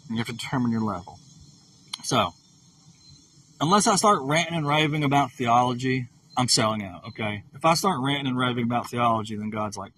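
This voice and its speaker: A man delivers a blunt, profane, unscripted rant, circling back to the same points again and again. His voice sits at an ordinary pitch and comes across slightly distant from the microphone. Crickets chirp in the background. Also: fairly bright tone, slight background noise. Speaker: streamer. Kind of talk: unscripted ranting monologue.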